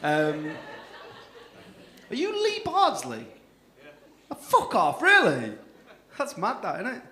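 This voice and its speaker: A man compering a comedy night, loud and teasing with the audience. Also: high-pitched, wildly swooping pitch, slow pace. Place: comedy club stage. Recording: roomy club with loud crowd noise.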